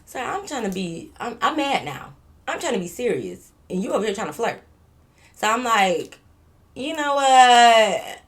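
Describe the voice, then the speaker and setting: Profane, animated woman storytelling. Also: mid-range voice, normal speed. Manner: animated, profane, repeats herself and stutters a little. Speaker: vlogger telling a story. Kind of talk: casual storytime monologue.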